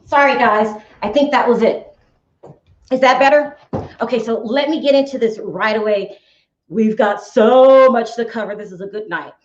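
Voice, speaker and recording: A woman's voice: a little high, normal speed, noisy background. A woman hosting a casual gossip show, chatty and full of exclamations, talking straight to her viewers. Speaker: YouTube gossip show host. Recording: echoey room, dull sound.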